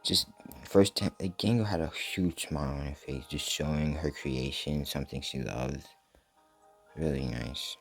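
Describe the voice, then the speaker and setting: Young guy super deep voice rambling about a cartoon, lots of likes and ums. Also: measured pace, vocal fry, husky, soft background music. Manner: rambling, filler-heavy, emotional. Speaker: host. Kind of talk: casual fan chat about a cartoon episode.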